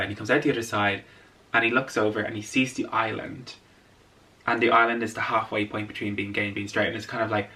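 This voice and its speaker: A man's voice: fairly low pitch, creaky, sharp tone, far from the mic. A man vlogger chatting casually about a film while doing his makeup, gushing and playful. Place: indoors at home, doing makeup on camera.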